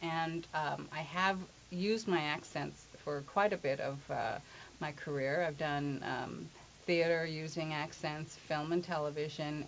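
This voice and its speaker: A woman working as an accent coach and actress, telling stories in an animated, chatty way. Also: low-pitched, gravelly. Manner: chatty, animated storytelling with laughs. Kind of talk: casual conversation. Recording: lo-fi with faint hiss.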